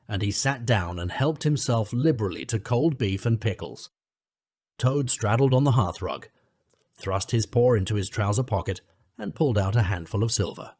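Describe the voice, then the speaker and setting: Male audiobook narrator, measured storytelling; husky, dry. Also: lowish voice, lively intonation, a little mellow, no room sound. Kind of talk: scripted narration.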